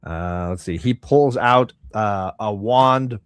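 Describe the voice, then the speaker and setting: Low-voiced man narrating a tabletop game. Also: takes it slowly, clean tone, no room sound, studio quality. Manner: rambling with many fillers. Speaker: game master.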